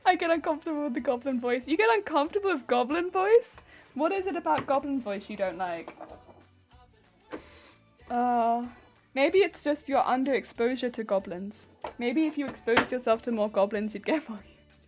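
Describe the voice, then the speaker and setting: A woman's voice: high voice, animated, normal speed, darkish tone, soft background music. A woman streaming from home, chatting casually with viewers while crafting; she giggles often and answers chat playfully. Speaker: livestreamer.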